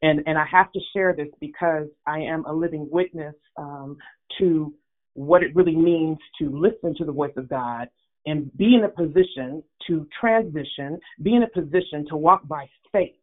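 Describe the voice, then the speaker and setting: A woman's voice: deep voice, moderate pace. A woman calling in to a prayer line, giving an earnest, upbeat testimony. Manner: earnest, upbeat, talks with many fillers. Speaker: caller sharing a testimony. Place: phone call. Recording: phone line.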